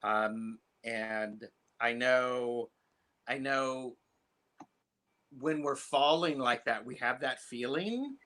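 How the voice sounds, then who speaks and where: A male host with a bright, forceful voice runs a relaxed interview. He mostly listens, offering short words of support and agreement. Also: medium pitch, very slow. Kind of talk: casual interview chat.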